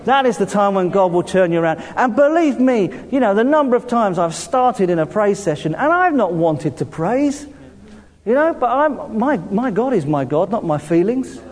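A man with a southern English accent preaching a sermon to a congregation in a church hall. He talks in a lively way, laughs often and calls out to the room for responses. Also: high voice, normal speed. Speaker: pastor. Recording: long reverb of a church hall.

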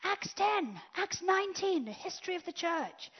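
A woman preaching a sermon, swinging from loud declarations to hushed whispers. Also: very high-pitched, very animated, moderate pace. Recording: dull lo-fi sound.

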